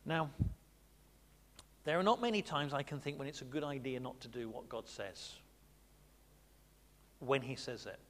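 Preacher in a reverberant hall. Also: male voice, medium pitch, normal speed, pauses often, a bit bright. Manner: conversational, asks the congregation questions. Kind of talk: Bible study sermon.

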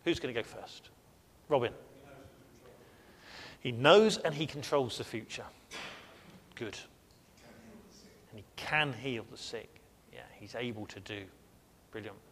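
A man's voice: mid-range voice, a little slow, long pauses, a bit bright, long reverb tail, slight background noise. A man leading a sermon, earnest and emphatic, asking the congregation questions and repeating phrases for stress. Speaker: pastor.

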